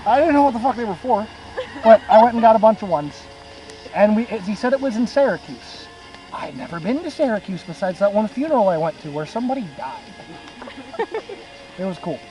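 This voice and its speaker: A young man with a high voice tells a crude, meandering story to his friends. He curses freely and laughs at his own jokes as loud music plays behind him. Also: expressive, brisk, low-quality recording. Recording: music playing loudly behind.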